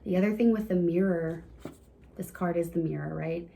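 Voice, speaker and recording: Chatty, mellow-voiced woman reading cards. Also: fairly low pitch, normal speed, gravelly, slight background noise. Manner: chatty and encouraging, laughs often, addresses viewers as y'all. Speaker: tarot reader. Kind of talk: casual intuitive card reading to viewers.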